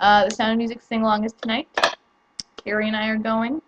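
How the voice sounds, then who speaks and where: A young woman chatting casually to camera at home, rambling and excitable, with lots of fillers and restarts. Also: a little high, fast talker, muffled recording, background noise. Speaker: vlogger. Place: home room.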